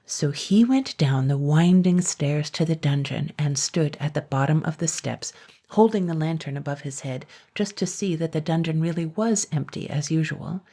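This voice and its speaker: Brief: calm, unhurried woman storyteller reading a fairy tale, gravelly low voice.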